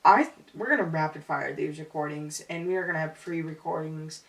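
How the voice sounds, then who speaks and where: A woman's voice: deep voice, a little fast, fairly bright tone. A young woman co-hosting a podcast in casual chat, candid and slangy, laughing often. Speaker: podcast co-host. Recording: echoey room, far from mic.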